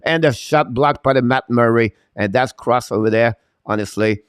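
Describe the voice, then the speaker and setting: A man hosting a live-stream hockey play-by-play, talking in a rapid run of commentary in broken non-native English with many "uh" fillers and sudden jumps to excited shouting on scoring chances. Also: medium pitch, smooth, dry recording, studio quality. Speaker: play-by-play host.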